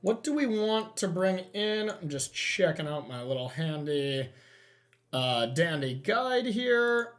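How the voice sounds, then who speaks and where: A man's voice: fairly high pitch, big pitch swings, slow pace, fairly bright tone. Man thinking aloud over a card game. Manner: thinks aloud, counting and checking plays. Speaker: host playing a card game. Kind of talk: casual gameplay commentary.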